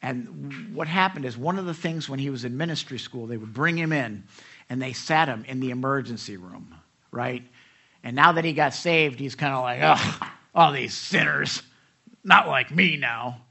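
A man's voice: medium pitch, expressive, moderate pace, pushed and bright. A man preaching a sermon in a conversational way, with rhetorical questions and mimicking voices. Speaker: pastor.

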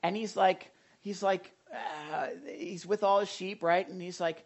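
A man's voice: sits high, fairly even intonation, measured pace. A male pastor preaching in a loose, conversational way, full of stories, fillers and restarts. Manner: rambling, anecdotal, many fillers and restarts. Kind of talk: conversational sermon.

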